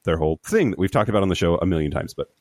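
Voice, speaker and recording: Sick male podcast co-host, low and lively, rambling, dry sound. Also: racing, no echo. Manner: rambling, repeats words while explaining. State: sick with covid. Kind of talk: casual chat. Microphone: remote recording.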